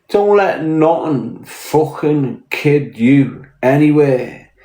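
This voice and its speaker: A man's voice: on the high side, a little mellow. Blunt Scouse man in an echoey room. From Liverpool, England. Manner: blunt, swearing, confrontational. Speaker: podcast host. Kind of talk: casual live-stream rant.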